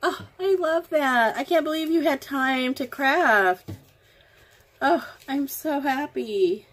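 At home, a woman vlogger opens crafting mail and gushes over it affectionately in a casual unboxing chat. She speaks slowly, drawing out her words, in a high voice with a fairly bright tone.

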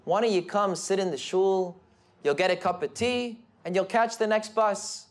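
A man's voice: high voice, moderate pace, close to an everyday voice. A male speaker voicing a kind, concerned rabbi in a spoken story. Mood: caring.

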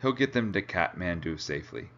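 A man reading aloud, voicing a calm, reassuring male mountain guide. The recording sounds dull and lo-fi. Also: sits low, fairly quick.

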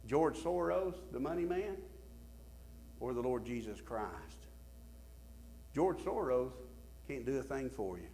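A male pastor preaching a sermon, swinging from emphatic bursts to quiet, low drops.

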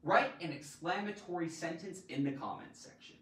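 A man hosting a playful live-streamed grammar lesson, theatrical and full of sudden loud exclamations. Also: on the high side, normal speed. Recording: roomy echo, mic at a distance.

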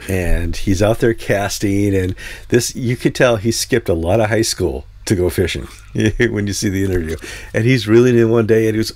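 A man's voice: on the low side, fairly even intonation, brisk, a little mellow, no room sound. A man hosting a news talk show, telling stories in a casual, rambling way with many fillers. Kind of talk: casual chat.

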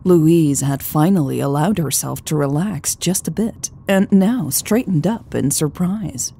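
A woman narrating a romance audiobook in a measured, calm reading. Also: sits low, gravelly, husky. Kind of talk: scripted narration.

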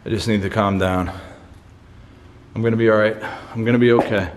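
A paranormal investigator vlogger films himself alone in an empty house at night, nervous, breathless, sweating, and dizzy. His fairly low voice is brisk with fairly even intonation as he swears and calls out to spirits, over a little hiss or hum.

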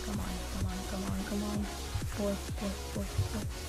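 A young woman commentating her gameplay casually, excitable, shrieking and repeating words when things go wrong. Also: medium pitch, a little slow, loud music behind the voice. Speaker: gaming channel host.

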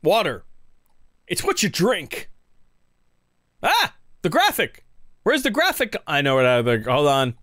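A man's voice: on the high side, wildly swooping pitch, unhurried, pauses often, a bit bright, dry recording, studio quality. A man hosting a casual game playthrough, reading along and tossing in wry, profane asides. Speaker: let's play host.

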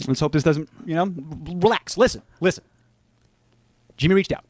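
A man talking to camera in a video, rambling and stammering, animated as he tells his story. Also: on the high side, moderate pace, no room sound. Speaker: YouTuber in a played clip.

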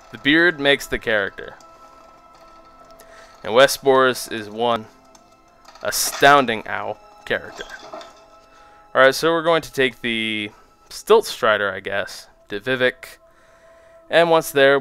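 A man's voice: lowish voice, clear, resonant tone. A young man giving casual, joking commentary while he plays a video game. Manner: joking, self-mocking, animated. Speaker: let's play host.

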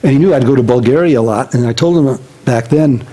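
A pastor giving a casual, chatty sermon, telling personal stories in an animated way and laughing along the way. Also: male voice, mid-range voice, fast, husky, low-quality recording.

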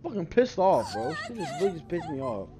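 Young man gaming, profane frustrated ranting, lively swinging pitch, faint game music. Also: fairly quick. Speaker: gamer. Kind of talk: let's play commentary.

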